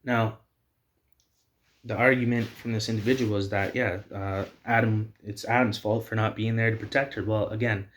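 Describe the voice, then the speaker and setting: A man's voice: on the low side, flat delivery, normal speed, a little hiss or hum. A man hosting a video, delivering heated, repetitive personal commentary. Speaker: video host.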